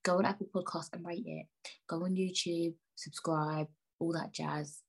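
On her solo podcast, a young woman speaks at a moderate pace in a fairly low, creaky, husky voice with flat delivery. She rambles along casually, playfully indignant, sometimes dropping almost to a whisper for an aside.

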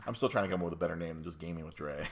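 A man's voice: deep voice, racing, a little hiss or hum. A young man hosting a casual chat, rambling with lots of fillers and restarts. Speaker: podcast host.

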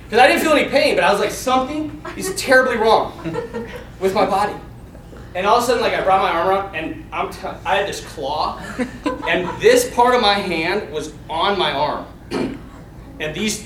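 A man with a high voice spins a casual story, laughing often and acting out each person in it. His pitch leaps all over the place. He sounds a bit distant from the mic in a roomy space with faint background noise. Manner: animated, laughs often, acts out voices and screams.

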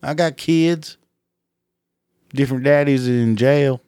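A man voicing a trashy woman who swoons over a redneck, in a shrill drawl. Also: takes it slowly, warm tone, smooth, no echo, studio quality, lightly acted. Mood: swooning.

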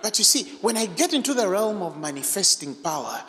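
Animated preacher man in an echoey hall. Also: high-pitched, fairly quick. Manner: animated, emphatic, breaks into shouts and groans, asks the crowd questions. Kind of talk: charismatic sermon.

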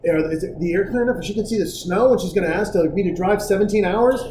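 A man's voice: sits high, fast talker, dark tone. A man hosting a podcast, telling a story in casual chat, swearing freely and acting out the people he quotes. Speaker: podcast host. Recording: roomy with faint noise.

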